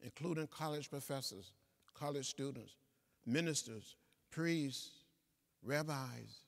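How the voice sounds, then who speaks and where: Here the same kind of septuagenarian guest speaker talks to a lecture hall full of students, preacher-like and repeating himself. His voice is medium in pitch, slow and gravelly, carried by a reverberant room.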